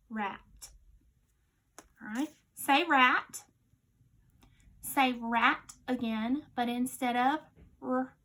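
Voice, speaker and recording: A woman with a fairly high pitch coaches children in phonics. She gives patient instructions slowly and clearly, then softens her voice to a near whisper for the answers.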